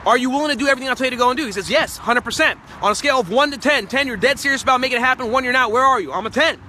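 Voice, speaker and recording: A man with a very high, bright, forceful voice delivers a rapid motivational sales talk. He is emphatic and acts out his clients' lines as he goes. Faint outdoor traffic noise sits behind him. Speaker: sales trainer.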